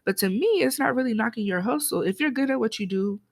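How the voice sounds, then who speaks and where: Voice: mid-range voice, fast, gravelly. A podcast co-host chatting casually, giving firm opinions and laughing often. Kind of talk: casual chat.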